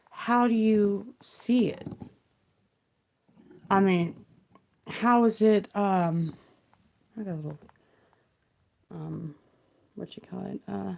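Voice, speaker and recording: A woman on a live stream speaking quietly and rambling through questions, trailing off as she reads and thinks aloud into a close mic. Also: medium pitch, creaky. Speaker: livestream tarot reader. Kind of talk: soft-spoken livestream musing. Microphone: close mic, kept quiet for live stream.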